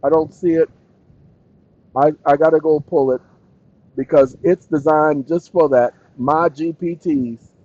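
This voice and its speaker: A man's voice: on the high side, steady tone, dark tone, no echo. A man talks loosely to his screen, joking and trailing off. The recording is dry, close and a little dull, with no room sound behind him. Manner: slow, deliberate reading with dictated punctuation. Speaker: channel host. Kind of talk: casual solo talk, reading aloud from a screen.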